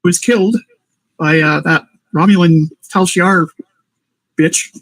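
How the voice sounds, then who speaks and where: A man's voice: a little high, fairly even intonation, slow, a bit bright, dry recording, low-quality recording. A man on a stream panel making short, dismissive remarks in casual chat.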